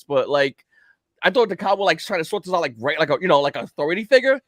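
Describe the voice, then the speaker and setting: A man telling a story in casual chat on a livestream, acting out the quotes in an animated way. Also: sits high, a little fast, no room sound, clean studio sound. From Kentucky. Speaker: livestream guest.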